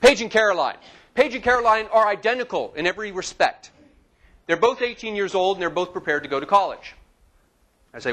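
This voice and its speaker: A man in his forties giving a classroom lecture in a lecture hall, lively and asking his audience questions. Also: a little high.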